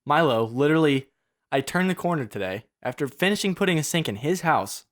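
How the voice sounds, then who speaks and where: A man's voice: a little high, lively intonation, a little fast, fairly bright tone, dry recording, studio quality. A young man co-hosting a casual podcast, teasing his friend and laughing as he talks. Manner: jokey, teasing, laughs while talking. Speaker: podcast co-host. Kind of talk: casual chat.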